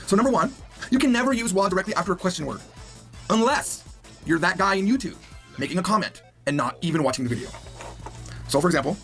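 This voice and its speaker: A man's voice: sits high, animated, fast talker, long pauses, fairly bright tone, soft background music. A man teaching a recorded language lesson, upbeat and joking as he explains grammar rules.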